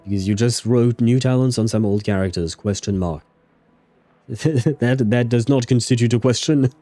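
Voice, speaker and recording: A man's voice: mid-range voice, normal speed, warm tone, no room sound. A man streaming a game, narrating scenes and chatting with viewers in a rambling, casual way. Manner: rambling, chatty, answers chat, frequent fillers and laughs.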